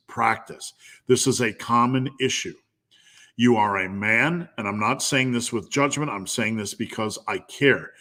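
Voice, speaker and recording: A man's voice: medium pitch, a bit bright. A man coaching strength training in a live Q&A, blunt and profane, getting fired up as he drives his point home with repetition.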